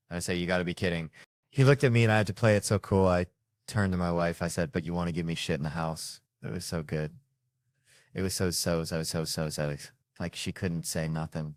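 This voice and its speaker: A male comedian with a very low voice tells a story for laughs. He acts out the other people in it and swears freely. The recording is dry and close, with no room sound. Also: fairly even intonation, brisk, no echo. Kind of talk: comic storytelling.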